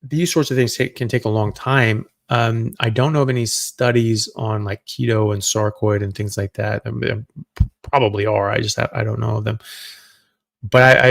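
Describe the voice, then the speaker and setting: A middle-aged man with a low, gravelly voice, hosting a live question-and-answer stream as a doctor. He talks loosely and conversationally, thinking aloud as he goes. The sound is dry and close. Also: no room sound.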